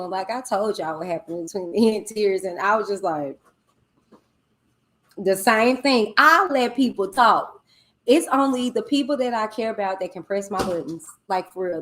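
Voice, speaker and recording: A woman hosting a casual livestream, chatting with viewers and reading their comments aloud. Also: mid-range voice. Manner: chatty, drawn-out exclamations, talks to viewers as "y'all" and "child". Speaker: livestream host.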